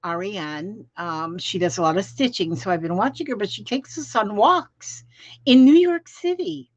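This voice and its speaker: A woman's voice: mid-range voice, expressive, moderate pace, no room sound. Chatty woman greeting live viewers. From Florida. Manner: chatty, rambling, folksy, greets viewers by name. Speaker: host of a crafting live stream. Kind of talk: casual live stream chat. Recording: dull lo-fi stream audio, dry.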